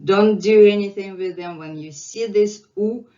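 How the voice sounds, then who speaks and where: A woman's voice: mid-range voice, a little slow, warm tone, muffled recording. A woman with a Russian accent teaching the alphabet, patiently repeating each sound many times. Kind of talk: slow alphabet lesson with drilled repetitions.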